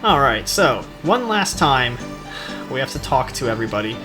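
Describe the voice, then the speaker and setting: A man giving joking, casual commentary while playing through a game, moving between quiet asides and louder bursts. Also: mid-range voice, moderate pace. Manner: joking, mocking, shifts between quiet asides and excited outbursts. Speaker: let's play host. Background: game music.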